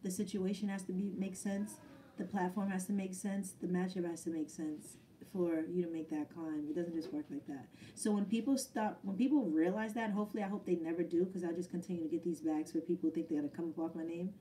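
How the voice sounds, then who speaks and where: A woman's voice: lowish voice, fairly even intonation, fast talker, warm tone, distant mic, a little hiss or hum. A woman battle rapper answering viewer questions in a casual live chat, blunt and swearing freely, often laughing.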